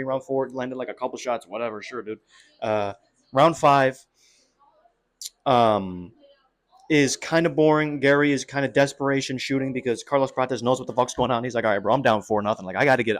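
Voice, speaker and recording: A young man giving a casual, excitable fight breakdown, full of slang and swearing. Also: medium pitch. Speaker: MMA commentator.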